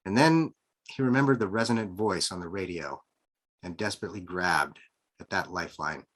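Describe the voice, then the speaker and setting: A man with a very low voice reads from his own novel, taking the narration at a measured, expressive pace. He is heard over a video call. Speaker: author reading his novel. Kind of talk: live book reading.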